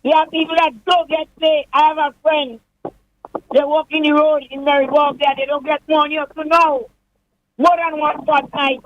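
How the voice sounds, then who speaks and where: A Grenadian woman calls in to a radio show and rants heatedly in a high voice. The phone line sounds dull and dry. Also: little pitch movement, moderate pace, dry recording. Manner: heated ranting. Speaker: caller.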